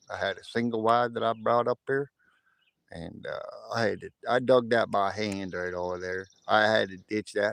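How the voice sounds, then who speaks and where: A man putting on a West Texas drawl as a boastful, folksy coin stacker, loudly pointing things out around his land on a livestream. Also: fairly low pitch, vocal fry, no echo. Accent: put-on West Texas drawl. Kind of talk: livestream impression.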